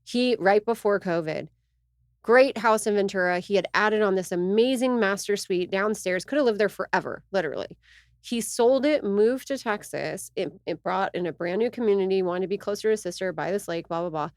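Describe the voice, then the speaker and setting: A woman co-hosting a podcast, talking casually and quoting people with animated asides. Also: mid-range voice, fairly quick, dry recording, clean studio sound. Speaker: co-host realtor.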